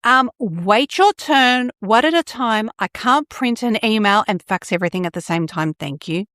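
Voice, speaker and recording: A woman's voice: on the high side, animated, moderate pace, a bit bright, no room sound, studio quality. A woman voicing a tired, hungry office printer that fussily asks for paper and ink. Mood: fussy. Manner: fussy, put-upon, bossy.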